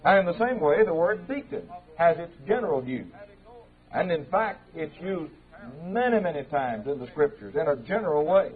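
A man teaching an evening Bible class in a church speaks in a fairly high voice. He is measured and conversational and sometimes stumbles and restarts. The sound is thin and narrow, like an old tape heard over a phone line. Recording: tinny, narrow-band old tape recording.

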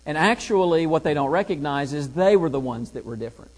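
A man's voice: fairly high pitch, animated, brisk, darkish tone, big-room sound. A man teaching a Bible lesson, reading scripture aloud and driving points home with rhetorical questions.

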